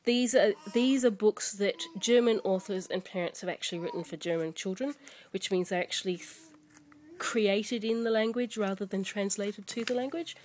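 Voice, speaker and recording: A woman's voice: mid-range voice, normal speed, a little mellow, a little hiss or hum. Chatty woman showing kids' books. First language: English. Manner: chatty, rambling, many fillers and restarts. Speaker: parent showing children's books. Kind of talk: casual show-and-tell chat. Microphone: camera mic.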